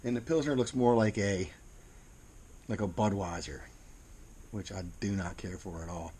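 Plain-spoken American man, low voice. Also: warm tone, a little hiss or hum. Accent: Mid-Atlantic American. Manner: plain-spoken, unhurried, repeats words while searching for them. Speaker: beer reviewer. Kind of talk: casual video review.

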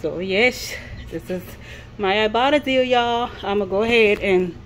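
A woman's voice: medium pitch, unhurried, slight background noise, low-quality recording. A woman in her thirties vlogging at home in a casual, chatty way, addressing her viewers again and again. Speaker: lifestyle vlogger and mom. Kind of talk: casual vlog chat.

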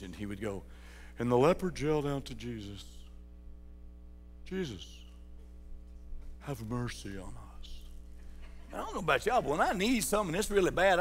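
A man's voice: mid-range voice, fairly bright tone, in a large hall. A man preaching a sermon as pastor, folksy and joking, putting questions to his congregation. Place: church sanctuary.

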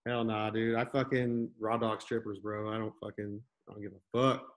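A man's voice: lowish voice, flat delivery, moderate pace. A man in his thirties in casual, crude podcast banter, laid-back and laughing often, with drawling fillers. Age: 30s.

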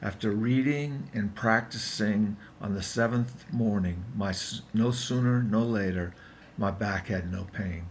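A man's voice: fairly low pitch, a little slow, a little hiss or hum. A man in his fifties recording a casual video diary in his apartment, talking in an earnest, rambling way that keeps breaking off and restarting. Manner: rambling, earnest, self-interrupting. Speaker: vlogger.

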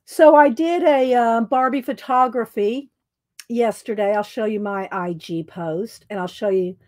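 Slow-talking woman craft streamer. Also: fairly high pitch, darkish tone. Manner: chatty, reads viewer comments, frequent ums and throat clearing. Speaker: craft livestream host. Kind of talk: casual livestream chat.

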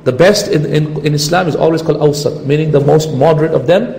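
Male religious lecturer, rapid and gravelly, acting out scenes, hall reverb. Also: on the high side. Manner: recites Arabic verses quickly then explains them, acts out scenes with animated voices. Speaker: Islamic lecturer. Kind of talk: Quran commentary lecture. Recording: hall reverb, faint ambient noise.

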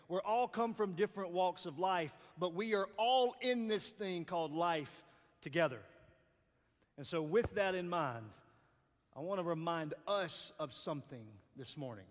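A man in his forties with a Southern US accent, giving a playful, lively chapel sermon as guest speaker, joking and calling out to the crowd. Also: sits high. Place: large hall. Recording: long hall reverb.

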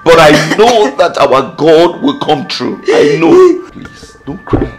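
A man acting as a desperate, pious husband who begs and pleads. His voice is fairly high and swings widely in pitch, over soft background music. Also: huge pitch swings, takes it slowly, creaky, heavily acted. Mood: pleading. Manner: pleading, emotional. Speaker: struggling husband. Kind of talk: Christian film drama acting.

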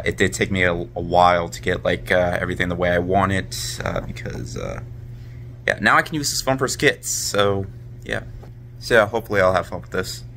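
A man's voice: low voice, fairly bright tone, slight background noise. A man chatting casually in a monthly vlog, rambling with lots of fillers and restarts. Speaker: vlogger.

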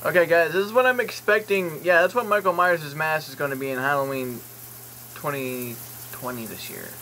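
Bright-voiced man rambling through a vlog. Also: a little high, normal speed, a little hiss or hum, poor audio. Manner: rambling, jokey, swears, reads product listings aloud with asides. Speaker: YouTube vlogger. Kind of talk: casual vlog commentary while browsing online.

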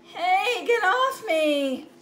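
A woman voicing a sad little male knot in a picture book, speaking plaintively in a raised, louder voice. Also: high voice, fairly even intonation, slow pace, a little hiss or hum.

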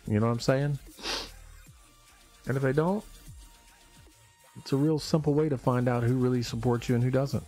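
A man's voice: medium pitch, mellow. A man hosting a casual live stream, talking in an emphatic, fired-up rant.

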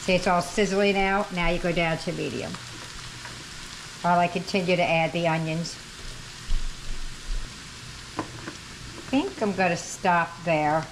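A cooking channel host with a lowish, steady voice talks unhurriedly, pausing often as she chats and corrects herself while cooking. Sizzling, frying, and background noise come from her kitchen.

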